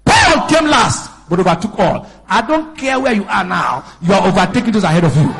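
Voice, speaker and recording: A man in his fifties preaching a sermon in church, swinging between shouted exhortation and chatty storytelling. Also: high voice, lively intonation, brisk, vocal fry, few pauses, a loud crowd, very noisy. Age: 50s. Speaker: pastor.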